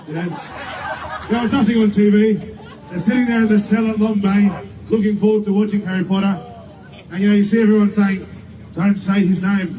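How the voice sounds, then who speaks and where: High-voiced man addressing a crowd. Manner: emphatic, bursts into shouts, joking asides. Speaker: rally speaker. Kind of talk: public speech to a crowd. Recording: distant mic with faint outdoor noise.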